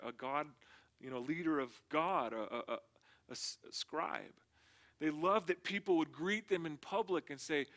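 A pastor preaches in an easygoing, conversational way, tossing in slang as he goes. His speaking voice sits a little higher than most men's. It sounds like a laid-back sermon to a small congregation. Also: fairly bright tone.

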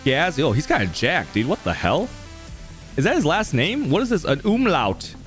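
A man's voice: a little high, very animated, normal speed, a bit bright, soft background music. A young man streaming live, chatting casually with his viewers in a rambling, laughing way with lots of fillers.

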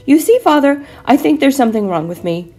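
A woman's voice: sits high, very animated, a little fast, mellow, soft background music, voice pushed up. A woman voicing a clumsy, nearsighted little boy dinosaur in a storybook reading, earnest and a bit stammering.

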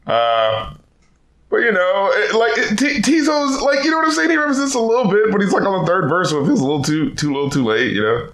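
A man talking casually about albums on a podcast, his voice bright and a touch high for a man. He swings widely in pitch, breaking into laughing, high-pitched shouts when something tickles him. The recording has a noticeable roomy echo. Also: big pitch swings, brisk. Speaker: podcast co-host reviewing albums. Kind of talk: casual chat.

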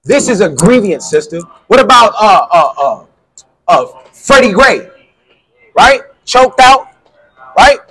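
High-voiced man preaching insistently. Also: sing-song, takes it slowly, long pauses, sharp tone, slightly rough, low-quality recording. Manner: insistent, quizzing the listener and repeating questions. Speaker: street preacher. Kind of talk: street preaching with call-and-response.

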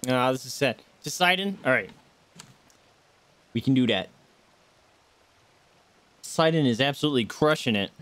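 A man's voice: mid-range voice, expressive, normal speed, pauses often, a bit bright. A man streaming a game, cracking jokes and puns in casual commentary. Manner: jokey, punning.

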